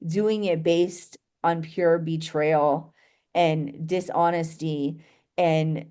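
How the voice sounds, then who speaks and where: A woman's voice: deep voice, steady tone, extremely slow, dark tone, clean tone. A young adult woman telling a painful personal story in an interview, rambling and full of "like" and "you know" as she restarts her sentences.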